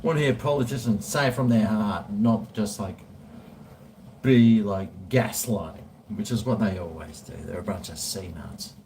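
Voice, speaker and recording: A man's voice: lowish voice, moderate pace, warm tone, a little hiss or hum. A man, rambling and swearing freely in casual chat while drinking. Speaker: vlogger.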